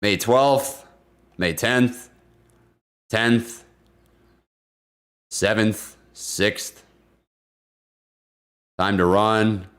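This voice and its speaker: A man hosting a live stream about stocks, chatting casually and excitably with viewers and breaking down price charts. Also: lowish voice, extremely slow, pauses often. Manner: excitable, easygoing, laughs often, slangy. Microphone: desk condenser microphone.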